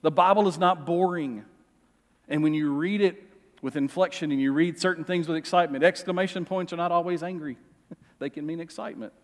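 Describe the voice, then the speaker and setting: A middle-aged male pastor preaching a sermon in a church, expressive and joking with the congregation. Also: on the high side, fairly quick. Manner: lively, expressive, jokes with the congregation. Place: church sanctuary. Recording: long reverb of a church hall.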